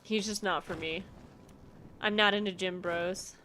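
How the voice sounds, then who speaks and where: A woman's voice: mid-range voice, steady tone, unhurried, pushed and bright, a little hiss or hum. A young adult woman streamer chatting casually while playing a game, rambling with lots of filler words. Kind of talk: casual gameplay commentary.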